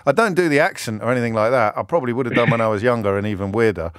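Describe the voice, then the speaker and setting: Male radio host, chatty and rambling, dry studio sound, mid pitch. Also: racing, dry recording. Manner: chatty, rambling, self-deprecating. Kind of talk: live radio phone-in hosting. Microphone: studio microphone.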